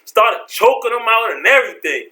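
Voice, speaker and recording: A man telling a story from his life in a casual vlog, slangy and animated, acting out the people in it. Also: very high voice, moderate pace. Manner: animated, slangy, acts out voices.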